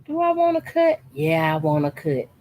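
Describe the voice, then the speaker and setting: Her voice sits low and a little mellow, very animated at a normal speed. At home in her sewing corner, this sewing channel host cuts fabric scraps for a quilt while chatting casually and emphatically to viewers, repeating herself often.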